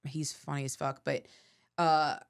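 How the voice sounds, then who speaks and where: A woman comedian, a guest on the podcast, telling rambling stories fast with frequent laughter. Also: low-pitched, flat delivery, vocal fry, smooth. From Florida. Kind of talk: casual podcast chat.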